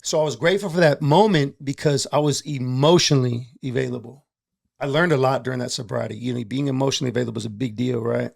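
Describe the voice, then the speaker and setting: Talking fast in a medium-pitched, gravelly voice with a darkish tone, a middle-aged man guests on a podcast. The entrepreneur opens up about his own life in a relaxed conversation, streetwise and full of feeling.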